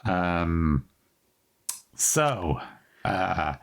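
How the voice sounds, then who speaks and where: A low, gravelly man from the United Kingdom co-hosting a podcast. He rambles through his story in a chatty way and drops wry asides as he goes. His delivery stays casual throughout. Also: lively intonation, extremely slow. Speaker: podcast co-host.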